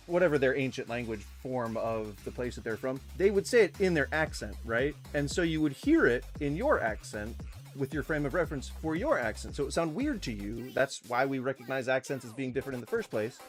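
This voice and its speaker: A man's voice: mid-range voice, a little fast, faint music behind. A man streaming casual commentary while reacting to videos, rambling and cutting himself off mid-thought. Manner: rambling, self-interrupting, animated.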